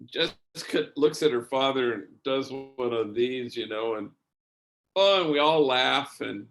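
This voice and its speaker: A man of middle pitch tells a personal story in a hearing, taking his time. He speaks as a priest would, easy and anecdotal. He often pauses and restarts mid-sentence. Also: a bit bright. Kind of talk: spoken testimony, storytelling.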